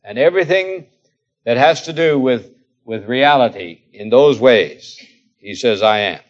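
Slow, emphatic preacher man, lo-fi. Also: mid-range voice, animated. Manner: slow, emphatic preaching with dramatic pauses and dropping to quiet asides. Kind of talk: sermon. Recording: dull, lo-fi older recording.

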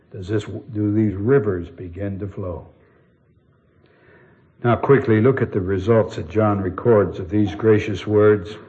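Earnest preacher man, muffled recording. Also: fairly low pitch. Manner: earnest, expressive preaching with rhetorical questions. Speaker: pastor. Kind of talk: sermon.

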